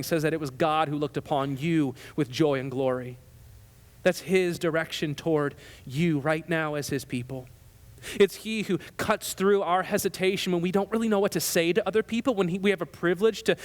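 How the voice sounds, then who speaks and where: Guy pastor preaching, high-ish voice, chatty with little asides, long echo like a big church. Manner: conversational preaching with asides and self-corrections. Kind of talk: sermon. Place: church sanctuary.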